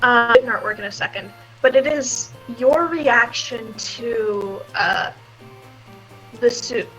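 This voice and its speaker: Bright voiced woman cohosting a stream, bit high, lively and teasing. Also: takes it slowly, soft background music, poor audio. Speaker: livestream co-host. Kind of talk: casual livestream chat.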